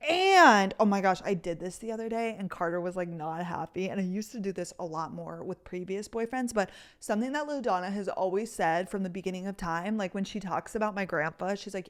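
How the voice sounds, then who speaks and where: A woman's voice: medium pitch, fairly quick, hardly any pauses. A woman in her twenties hosting a podcast, chatting through rambling stories and saying "like" constantly. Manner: chatty storytelling, heavy use of "like". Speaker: podcast host. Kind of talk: casual chat.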